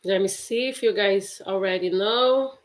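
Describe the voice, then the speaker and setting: A woman's voice: medium pitch, a little slow. A woman teaching a live online English lesson, cheerfully praising students by name.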